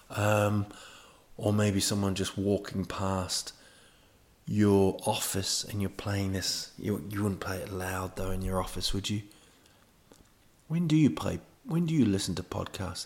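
A man hosting a podcast, telling a rambling comic monologue full of digressions and self-mocking asides. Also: on the low side. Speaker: podcast host.

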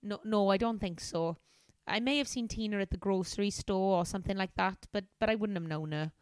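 A woman voicing a lonely young office temp in a comic reading of a novel, with a soft, plaintive delivery. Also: medium pitch, a little fast, smooth, no echo, lightly acted. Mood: wistful. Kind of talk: comedic reading aloud of a novel.

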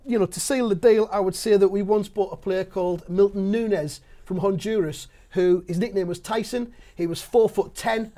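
A man tells comic anecdotes in a deadpan way. His voice is quite high for a man yet mellow in tone. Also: moderate pace, hardly any pauses. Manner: deadpan storytelling. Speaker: broadcaster panellist. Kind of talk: comic pitch on a panel show.

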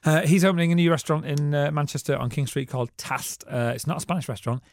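A man's voice: a little high, steady tone, fast talker, dry recording, studio quality. A tired man, co-hosting a casual radio chat and teasing his friend with plenty of laughs. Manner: chatty, laughs often, teasing. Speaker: podcast co-host, newspaper editor. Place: radio studio. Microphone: studio microphone.

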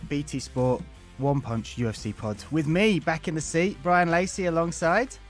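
A man's voice: a little high, faint music behind. An Irish man in his forties hosting a podcast, chatty and teasing in casual banter. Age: 40s. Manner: teasing, chatty, quick-witted. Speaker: podcast host.

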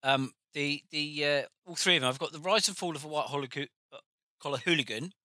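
A man's voice: fairly high pitch, fairly quick, bright, forceful tone, dry recording, studio quality. A man co-hosting a film podcast, blunt and sweary in casual chat. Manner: blunt, sweary, laughs often. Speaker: podcast co-host.

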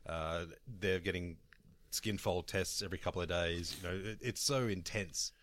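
Laid-back Australian man, low dry voice. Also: normal speed, fairly bright tone, dry recording. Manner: swearing, laughing storyteller doing bloke impressions. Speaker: podcast co-host. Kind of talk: casual sports chat.

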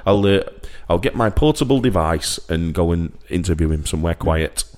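A man co-hosting a comedy podcast, chatting casually and ranting in an excitable way that jumps up into high squeaky bursts. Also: normal speed. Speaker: podcast co-host.

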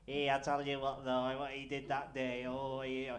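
A man's voice: medium pitch, completely flat delivery, normal speed, slight background noise, voice pushed down, lightly acted. A man putting on a bawdy, gossiping male soap actor in a comedy sketch. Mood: gossipy.

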